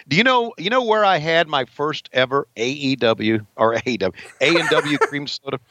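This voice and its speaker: A man's voice: a little high, lively intonation, moderate pace, pushed and bright, no room sound. A man in his sixties co-hosting a podcast, chatting casually and laughing over old wrestling footage. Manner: laughing, easygoing, folksy. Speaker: podcast co-host.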